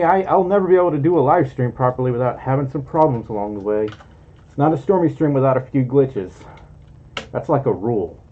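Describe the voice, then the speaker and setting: A man's voice: medium pitch, slight background noise. A man hosting a casual livestream, chatty and giggly, reading out donations through a muffled mic. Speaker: livestream host. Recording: muffled lo-fi audio.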